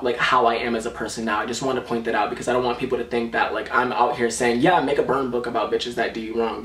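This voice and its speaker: A man's voice: medium pitch, fairly bright tone. A young man tells a story from his school days in a sassy, dramatic vlog voice full of swearing. His voice sits in the middle range, and the recording has a roomy echo with the mic set some distance away. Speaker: vlogger.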